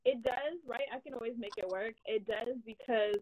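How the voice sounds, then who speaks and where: A woman's voice: a little high, normal speed, darkish tone, low-quality recording. A young woman from the United States hosting a casual live-stream chat, telling a story with many "like"s and "um"s. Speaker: host.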